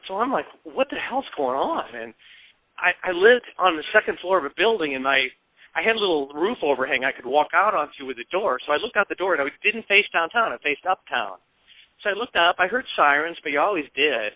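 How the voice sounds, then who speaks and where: A man from Peoria tells a long story as a radio guest, rambling and swearing and acting out what others said. His voice sits fairly high for a man. The sound is dry and narrow, like a phone line. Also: lively intonation, fairly quick, no echo. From Peoria, Illinois. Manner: rambling, swears freely, acts out quotes. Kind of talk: casual storytelling.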